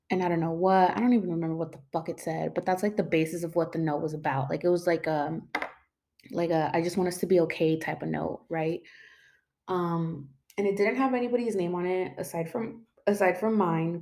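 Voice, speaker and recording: Mixed in, a young woman's darkish, low-leaning voice recounts something personal. Her telling is casual and rambling, packed with fillers and punctuated by emotional moments.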